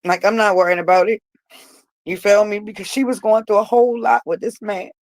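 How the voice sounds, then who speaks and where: A woman's voice: mid-range voice, fairly even intonation, a little fast, no echo, poor audio. A woman vlogger telling a personal story straight to her viewers, emphatic and repeating herself for weight.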